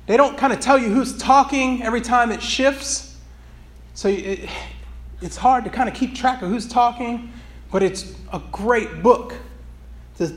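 A man's voice: high-pitched, fairly bright tone. A man preaching in a loose, rambling way, with many restarts, before reading from a book. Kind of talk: sermon with read excerpt.

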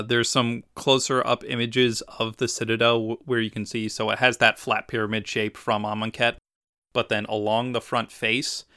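Bright, crisp male podcast host. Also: fairly low pitch, no echo, studio quality. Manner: enthusiastic, descriptive, with fillers. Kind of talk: casual chat.

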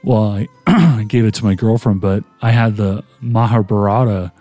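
A man's voice: lowish voice, normal speed, mellow, no echo, soft background music. Man telling a rambling anecdote. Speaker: podcast host. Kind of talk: casual chat.

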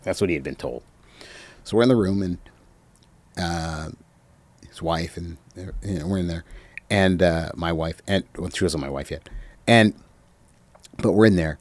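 Low-voiced man, halting and reflective. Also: no echo. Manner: halting, reflective, many pauses and fillers. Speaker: interview guest. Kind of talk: reminiscing anecdotes.

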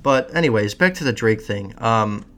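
A man's voice: fairly low pitch, lively intonation, normal speed, fairly bright tone. Man, podcast host, casual chat, sarcastic, swears a lot. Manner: blunt, sarcastic, swears often.

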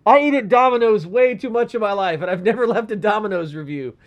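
A man's voice: high voice, quick pace, dull audio. A man co-hosting a podcast in casual, profane, joking chat and reading listener letters aloud. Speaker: podcast co-host.

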